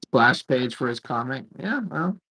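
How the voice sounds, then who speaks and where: Husky-voiced man, joking co-host. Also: mid-range voice, measured pace, rough recording. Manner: relaxed, joking banter. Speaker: co-host, artist reading chat. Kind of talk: casual chat while inking.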